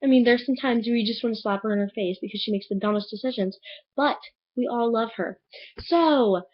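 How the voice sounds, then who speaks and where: Chatty woman with a husky, dull lo-fi sound. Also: fairly high pitch, brisk. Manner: rambling, filler-heavy, chatty. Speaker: book reviewer. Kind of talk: casual vlog chat.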